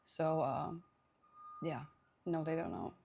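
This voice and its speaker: A woman's voice: sits low, expressive, takes it slowly, vocal fry, a little mellow, a little hiss or hum. A young woman live streaming, chatting casually with her viewers, laughing often and thanking them for subscriptions.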